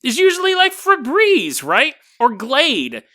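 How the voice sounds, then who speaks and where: A man's voice: extremely high pitch, wildly swooping pitch, slow, sharp tone, voice pushed up, full character voice. A man doing a pompous would-be hero. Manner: grandiose, theatrical declarations. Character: pompous self-styled hero man, dramatic and self-important.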